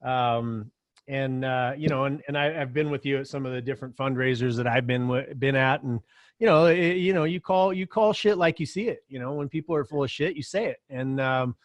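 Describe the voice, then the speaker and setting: A man's voice: mid-range voice, brisk, dry recording. A man hosting a casual podcast chat, earnest and affirming toward his guests. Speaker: host.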